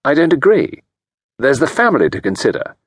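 A man's voice: mid-range voice, big pitch swings, brisk, breathy edge, no echo, clean studio sound, pitched above the performer's own voice. A man voicing a heated, determined doctor. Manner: heated, insistent. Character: earnest male doctor, hot-tempered and determined.

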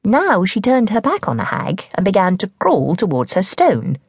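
A woman narrating a children's novel in an expressive, storytelling manner, recorded close on a studio mic. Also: medium pitch, normal speed, breathy edge, dry recording. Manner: lively, expressive reading. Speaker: audiobook narrator.

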